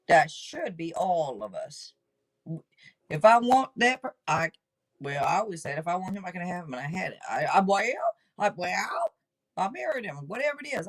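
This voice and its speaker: A woman hosting a live tarot reading stream, talking in an excitable, rambling way and swearing casually. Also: medium pitch, poor audio.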